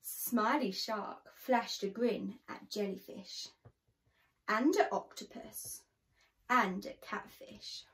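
A woman reading a picture book aloud to children, slow and expressive with a sing-song lilt. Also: mid-range voice. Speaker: children's storyteller.

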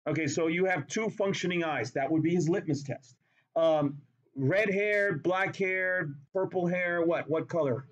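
A man's voice: a little high, measured pace, dull audio. A man teaching a chemistry class in a classroom, talking playfully and repeating words for emphasis. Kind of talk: classroom lecture.

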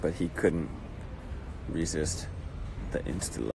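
A man's voice: extremely low pitch, takes it slowly, creaky. A man hosting a casual phone livestream, rambling and joking as he greets viewers in a cafe. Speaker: livestream host. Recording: noisy phone livestream audio.

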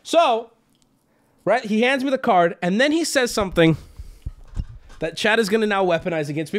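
Young guy streamer ranting a story to chat, high voice, super swingy, cusses a lot. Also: moderate pace. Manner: animated, swearing, jumps to high yelps when quoting himself.

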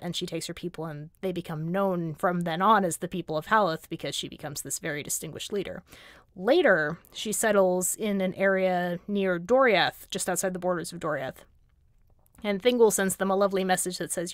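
A woman on a casual livestream, recounting fantasy lore in an animated storytelling manner with wry asides. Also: mid-range voice, moderate pace, no echo, clean studio sound. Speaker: guest lore commentator.

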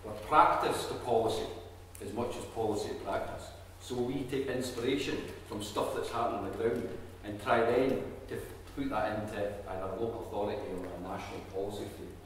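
A man's voice: lowish voice, brisk, hardly any pauses, a little hiss or hum. A man with a Scottish accent gives a chatty, jokey public talk to a community audience. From Scottish Highlands. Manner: jokey, chatty, self-deprecating. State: tired. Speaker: think tank chief executive speaker. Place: large echoey hall. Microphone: distant room mic. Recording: echoey hall, speaker far from mic.

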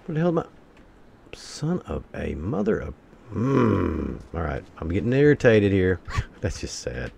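A man's voice: low voice, very animated, unhurried, creaky, darkish tone, slightly rough. A man giving let's-play commentary, talking to himself and bursting into exasperated curses.

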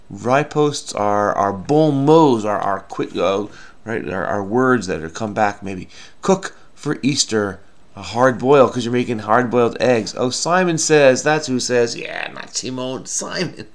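Middle-aged guy solving a crossword out loud, mumbling to himself, lots of ums and i don't knows, regular mid pitch. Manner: muttering to himself, many fillers and trailing "I don't know". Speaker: crossword solving video host. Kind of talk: casual think-aloud puzzle solving.

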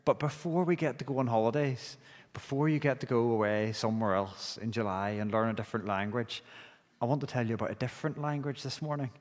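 A man's voice: mid-range voice, steady tone, brisk. A man with a Northern Irish accent leading prayer and talking to children in a church service. He often restarts phrases by repeating their opening words. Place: church sanctuary. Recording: long church reverb.

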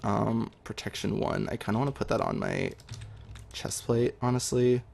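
A young man talking through his game as he plays, chatty and excitable, with lots of ums. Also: medium pitch, moderate pace, gravelly, slight background noise. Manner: excitable, chatty, many fillers. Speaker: gaming video host. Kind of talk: live gameplay commentary.

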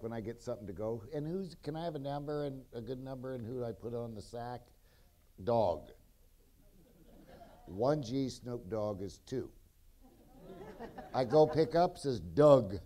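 Jokey rambling man, warm mellow tone. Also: medium pitch, normal speed. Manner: jokey, keeps interrupting, blunt and rowdy. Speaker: testimony speaker at a convention. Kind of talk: rambling storytelling testimony. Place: convention stage before an audience.

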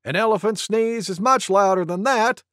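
Man doing a little excitable porcupine, high and pushy. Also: moderate pace, no room sound, clean studio sound. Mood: insistent. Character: small, excitable male porcupine.

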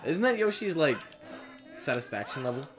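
A man's voice: fairly high pitch, very animated, moderate pace. A young man co-hosting a let's play, joking crudely and cursing freely over game music. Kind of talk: casual gaming banter. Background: video game music.

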